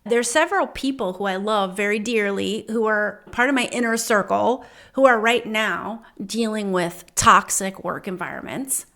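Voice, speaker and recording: A woman's voice: medium pitch, normal speed, vocal fry, a bit bright. A woman in her forties telling a personal story to her viewers in a chatty, enthusiastic and heartfelt way. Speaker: vlogger.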